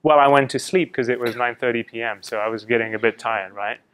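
A man's voice: medium pitch, quick pace, clean tone. A middle-aged man from France telling students a story in a classroom, asking them questions and acting out what others said, through a slightly fuzzy mic. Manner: lively storytelling, quotes others in acted asides. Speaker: guest speaker presenting to students.

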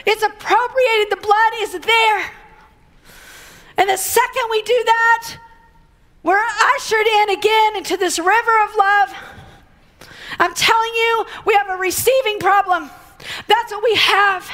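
High-voiced woman preaching. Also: unhurried. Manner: animated, conversational storytelling with acted-out quotes. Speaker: guest speaker. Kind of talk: sermon.

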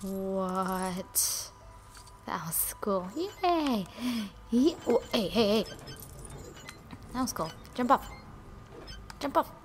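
A young woman hosting a gaming channel, giving casual let's-play commentary in an excitable, giggly way that jumps to squeals over little things. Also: medium pitch, extremely slow, long pauses, background noise. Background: game music.

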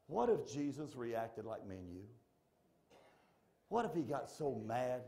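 A middle-aged male pastor preaching a folksy, animated sermon in church that swings from shouting to hushed. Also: mid-range voice, normal speed, gravelly.

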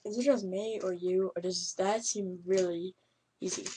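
A woman giving excitable, yelping commentary over a game she is playing. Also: mid-range voice, normal speed, a little hiss or hum. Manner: excitable, yelps and laughs at the game. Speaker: gameplay commentator. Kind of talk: let's play commentary.

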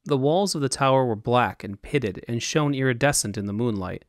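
A man reading scripted fantasy narration in a measured, even storytelling manner. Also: medium pitch, no echo, studio quality. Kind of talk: audiobook narration.

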